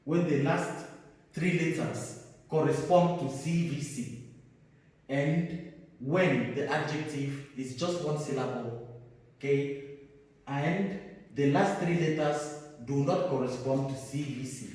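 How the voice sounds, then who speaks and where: A man teaching grammar in a slow, measured drill, repeating each word for the class. His voice sits a little high yet sounds dark and mellow. He is recorded from a distance in a very echoey room with a long reverb. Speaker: English teacher. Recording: echoey room, mic far off.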